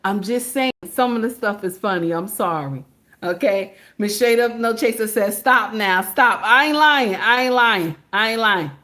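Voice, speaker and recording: A woman's voice: fairly high pitch, moderate pace, bright, forceful tone. A woman vlogger giving casual commentary, chatty and repetitive, often breaking into laughter.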